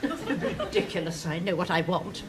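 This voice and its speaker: A woman's voice: fairly low pitch, animated, unhurried. A woman playing a haughty pub customer in a sitcom, imperious in manner. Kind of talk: sitcom acting. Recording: noisy sitcom with loud audience.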